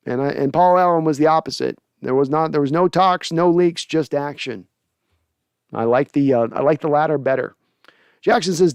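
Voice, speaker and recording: A man's voice: a little high, normal speed, darkish tone, clear, resonant tone, dry recording, studio quality. A man hosting a sports podcast, casually chatting and reading viewer comments aloud. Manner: chatty, laughs often, reads comments aloud. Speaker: podcast host.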